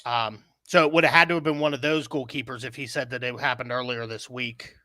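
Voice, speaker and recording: A man's voice: medium pitch, fairly even intonation, fairly quick, bright, forceful tone, no echo. A man from Pittsburgh co-hosting a casual podcast, hesitant with many ums as he lists teams. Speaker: podcast co-host.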